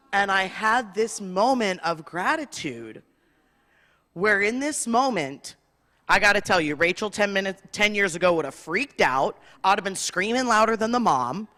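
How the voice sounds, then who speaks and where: Bright-voiced woman rabbi preaching in a hall. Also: mid-range voice, lively intonation, moderate pace. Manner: impassioned, with long rhythmic lists and rising emphasis. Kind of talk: sermon with personal storytelling. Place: large spiritual center hall. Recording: long hall reverb.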